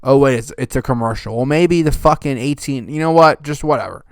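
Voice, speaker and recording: Brief: young male golf podcast host, profane ranter, smooth clear voice, dry close sound. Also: medium pitch, brisk, no echo. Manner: swears constantly, rants loudly, then winds down. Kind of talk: profane ranting recap.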